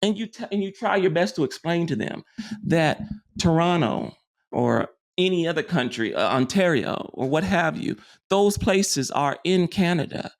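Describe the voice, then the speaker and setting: A man's voice: fairly high pitch, lively intonation, normal speed. A man teaching metaphysics in a loose, rambling lecture, often restarting and tagging on "you see.". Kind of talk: informal spiritual lecture.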